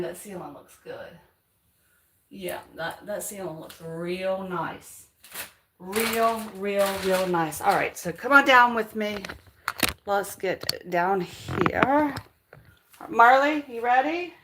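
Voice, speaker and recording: A woman chatting casually while painting her house, now and then talking to her dog in a high voice. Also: fairly bright tone, slight background noise. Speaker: home vlogger. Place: house hallway, indoors. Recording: roomy, far from the mic.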